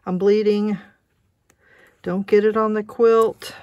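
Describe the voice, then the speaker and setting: A woman's voice: mid-range voice, flat delivery, takes it slowly, darkish tone, no room sound. A woman vlogger talking casually as she sews, muttering and joking at herself. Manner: muttering and self-mocking while sewing. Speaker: crafting vlogger. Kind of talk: casual crafting chat.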